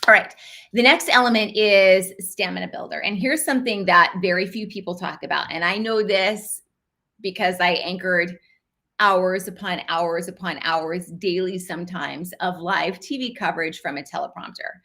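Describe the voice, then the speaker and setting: A middle-aged woman teaching a live online class as an on-camera coach, with clear, emphatic delivery that stresses key words. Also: lowish voice, normal speed, pushed and bright.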